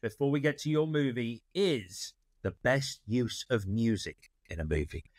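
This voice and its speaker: A man's voice: mid-range voice, big pitch swings, a little slow, dry recording, clean studio sound. Conversational male podcast host. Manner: conversational, lightly stumbling. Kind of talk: casual interview.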